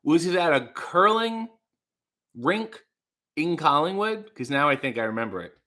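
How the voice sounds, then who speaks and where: A livestream host reads chat messages aloud in a casual stream, rambling and trailing off into mumbles. His slightly high voice is very animated, bright and forceful at a moderate pace.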